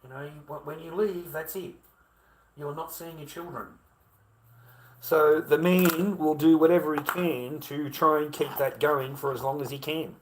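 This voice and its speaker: A man's voice: on the high side, steady tone, normal speed, a little hiss or hum, poor audio. Profane ranting Australian man. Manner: profane, rambling, heated. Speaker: vlogger. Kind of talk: casual rant to camera.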